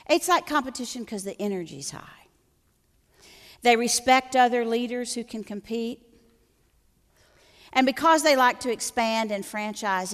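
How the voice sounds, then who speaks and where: Joking woman teaching in a hall. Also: medium pitch. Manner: folksy, joking, teasing. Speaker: workshop teacher. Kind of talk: live workshop talk.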